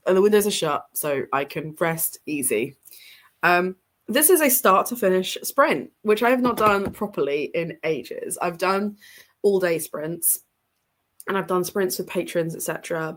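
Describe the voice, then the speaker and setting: A young woman hosting a reading livestream from home, sounding stuffy and congested, chatting in a rambling way with lots of ums and small laughs. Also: on the low side. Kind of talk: casual livestream chat. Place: home room with bookshelves behind her.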